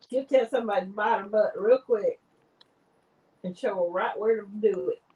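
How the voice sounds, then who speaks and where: A woman in casual conversation with friends, teasing and giggling through her stories. Her voice sits at an everyday middle pitch, relaxed and chatty. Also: breathy edge, highs cut off. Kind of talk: casual chat among friends.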